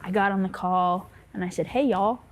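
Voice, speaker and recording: A woman's voice: on the low side, monotone, fairly quick. A woman with a Southern American accent, a co-pastor talking casually in an interview, chatty, laughing easily and searching for words. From Southern United States, Memphis. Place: church on location.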